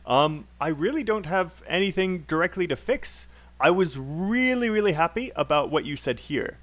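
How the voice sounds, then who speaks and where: A man's voice: fairly high pitch, animated, normal speed. A man teaching English pronunciation in a live online class, encouraging and laughing often as he corrects students.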